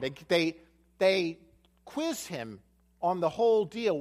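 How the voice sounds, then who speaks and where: A man's voice: high-pitched, huge pitch swings, measured pace, pushed and bright. A man preaching a sermon, retelling a Bible story and acting out its dialogue, with repeated phrases for emphasis. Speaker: pastor.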